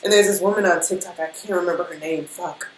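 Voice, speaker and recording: A woman giving a casual spiritual pep talk as a reader, emotional and animated, full of fillers and repeated phrases. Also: on the low side, fast. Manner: emotional, animated, speaks in rhythm with many fillers. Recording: echoey room with faint background noise.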